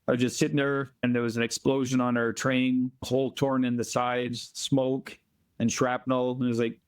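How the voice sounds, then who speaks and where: A man's voice: mid-range voice, little pitch movement, clean tone. Plainspoken Canadian man telling stories. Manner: plainspoken, emphatic, slows down for emphasis. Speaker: volunteer interviewee. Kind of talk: earnest storytelling interview. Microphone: remote call from abroad.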